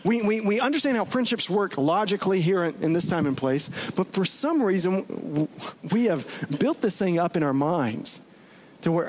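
A man's voice: sits high, expressive, normal speed, slight background noise. A man preaching a conversational sermon, full of rhetorical questions. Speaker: pastor.

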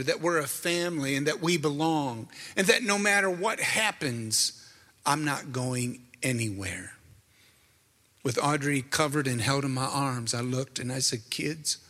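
A man's voice: a little high, bright, forceful tone. Earnest man preaching in a reverberant hall. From Canada. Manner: earnest, emotional storytelling. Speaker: minister. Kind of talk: sermon with personal testimony.

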